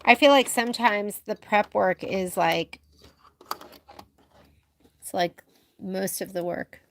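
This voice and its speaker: A woman's voice: medium pitch, slow, noisy background. A young American woman teaching a casual live stitch-along, chatting with viewers as she works. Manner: chatty, talks to viewers while working. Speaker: sewing instructor.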